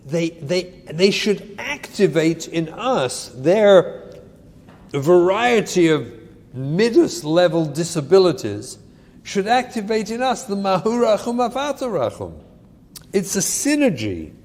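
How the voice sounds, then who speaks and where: A male rabbi giving a lecture on parenting, animated and emphatic, repeating his key points. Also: high-pitched, takes it slowly, long reverb tail.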